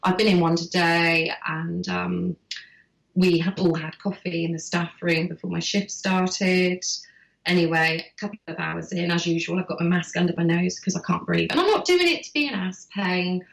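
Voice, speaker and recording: Low gravelly woman host, roomy echo. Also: moderate pace. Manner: candid, animated storytelling. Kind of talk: casual chat, telling a personal story.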